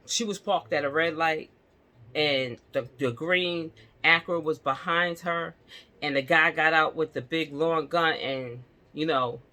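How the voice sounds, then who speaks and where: A woman speaks in with a bright, forceful tone. She tells a story straight to her viewers in a loose, animated storytime style. She laughs often and keeps calling out to them. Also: deep voice. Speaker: vlogger. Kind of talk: casual storytime chat to viewers. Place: indoors at home.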